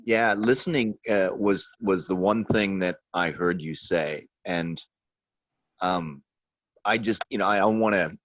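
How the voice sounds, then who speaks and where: Halting, effusive man on dry audio. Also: low-pitched, a bit bright, no echo, low-quality recording. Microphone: video call.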